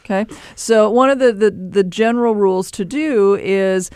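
A man hosting a call-in advice show, explaining pet behavior in an animated way with playful asides. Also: sits high, normal speed, clear, resonant tone, no echo, clean studio sound. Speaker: pet behavior expert host.

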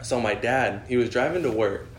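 A man's voice: mid-range voice, normal speed, reverberant, a little hiss or hum. A young man telling a story in casual chat, rambling with lots of fillers and swearing. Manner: rambling, swears a lot, many "like" fillers, laughs while telling.

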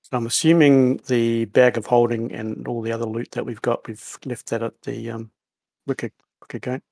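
A man's voice: medium pitch, steady tone, moderate pace, vocal fry, dark tone, dry recording. A man playing a tabletop game, chatting and joking in an easygoing way. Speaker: player. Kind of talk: casual tabletop chat.

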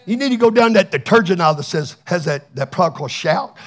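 A man preaching a fervent Pentecostal sermon, swinging from chatty asides to shouted bursts. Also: high voice, expressive, brisk. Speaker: pastor.

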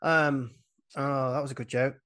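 A man's voice: mid-range voice, measured pace. A man hosting a podcast, chatting casually and retelling a film with jokey asides. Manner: animated, jokey, acts out quotes. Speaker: podcast host. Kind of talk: casual chat recapping a film.

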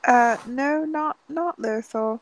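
Woman player, tabletop game role-play, raised voice, gravelly, slow, hesitant, dry sound. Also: sits high, a crowd in the background, low-quality recording. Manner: hesitant, many ums, wry.

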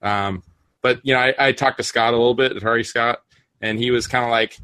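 A man's voice: medium pitch, steady tone, brisk, pushed and bright, clean tone, no room sound. A man hosting a casual podcast chat, rambling with frequent restarts and fillers. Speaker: podcast host.

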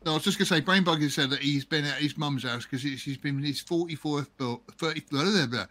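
A man's voice: a little high, fast talker, bright, forceful tone. A man co-hosting a casual movie chat on a live stream, rambling and hesitant with lots of ums. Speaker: podcast co-host.

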